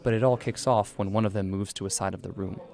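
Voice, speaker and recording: A man narrating a scripted radio news feature as a reporter, in a measured, even delivery. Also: on the low side, gravelly.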